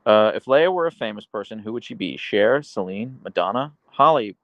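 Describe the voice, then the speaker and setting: A man's voice: fairly low pitch, lively intonation, moderate pace, dry recording, highs cut off. A man hosting a live stream, reading chat in a casual, rambling way with lots of fillers and sometimes talking to his dogs. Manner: baby-talks his dogs at times. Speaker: livestream host reading chat.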